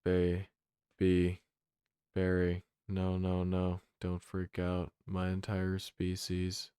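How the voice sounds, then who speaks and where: A man reading the lines of a panicky male airline captain in a drowsy monotone. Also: low-pitched, measured pace, clear, resonant tone, no echo, clean studio sound. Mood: flat.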